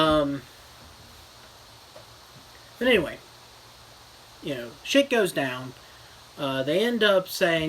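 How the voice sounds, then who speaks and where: A man's voice: on the high side, slow, pauses often, fairly bright tone, slight background noise, poor audio. A man giving a crude joking fake book review, rambling with lots of "you know" and "uh".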